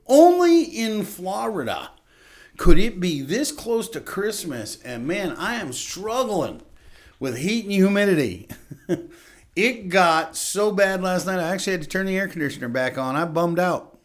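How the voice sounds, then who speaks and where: A man's voice: high voice, big pitch swings, moderate pace. A middle-aged man hosting a local TV talk show, chatty and upbeat, laughing often. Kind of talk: casual chat on local TV.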